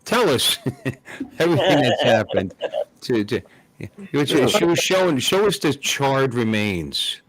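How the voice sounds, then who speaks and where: A man hosts a relaxed group chat over a video call. He teases his guests with sarcastic jokes and trips over repeated words as he goes. His voice rises and falls with a lively, middling pitch. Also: measured pace, low-quality recording. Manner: joking, sarcastic, stammering restarts. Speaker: host.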